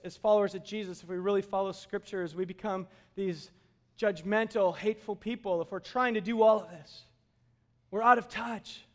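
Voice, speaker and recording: A man preaching a sermon as pastor in a church sanctuary, in a conversational way and joking with the congregation. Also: high-pitched.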